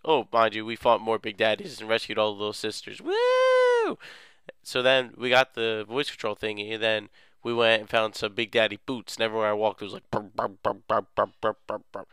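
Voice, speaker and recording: Young male let's play host, goofy and rambling. Crisp, dry voice. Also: on the low side, pushed and bright, no echo. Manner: rambling, goofy, lots of filler words. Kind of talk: casual game recap.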